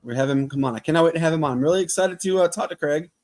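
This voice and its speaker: A man co-hosting a casual sports podcast, loose and excitable, full of fillers and restarts. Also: a little high, rapid-fire. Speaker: podcast co-host.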